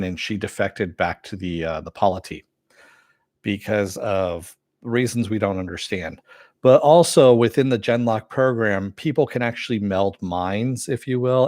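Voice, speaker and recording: A man giving a casual spoken review of an animated series, rambling with many fillers and self-corrections, and answering chat as he goes. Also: on the low side, dry recording, clean studio sound. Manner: reads and answers live chat.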